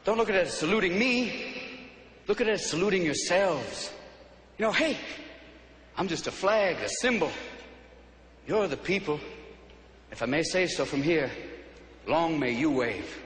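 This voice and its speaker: A high, chirpy talking flag, wistful but patriotic, voiced with a sharp, bright edge. The sound carries a roomy echo, with a crowd murmuring faintly behind. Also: male voice, animated, a little slow, long pauses, slight background noise. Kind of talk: comic voice acting.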